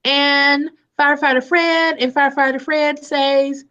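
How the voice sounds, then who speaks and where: High-voiced woman teacher, slow, sing-song phonics drills over a video call. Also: steady tone, bright, forceful tone, lo-fi sound. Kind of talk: live online phonics lesson for young children.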